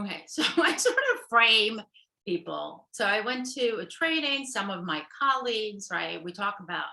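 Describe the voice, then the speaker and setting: A woman's voice: medium pitch, sing-song, normal speed, vocal fry, sharp tone, reverberant, poor audio. A middle-aged woman therapist giving a casual workshop talk. She chats along, laughs often and keeps checking in with "right?" and "okay".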